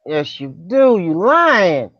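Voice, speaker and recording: High, lively teasing man. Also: slow pace, dry recording, muffled recording. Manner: teasing, laughing, insistent. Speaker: group chat member. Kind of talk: casual teasing chat.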